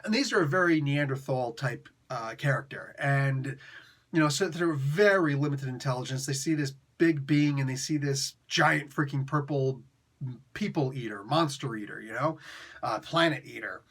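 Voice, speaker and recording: A man's voice: medium pitch, normal speed, a bit bright. A man giving a casual comic book review, retelling the story in slang and laughing often.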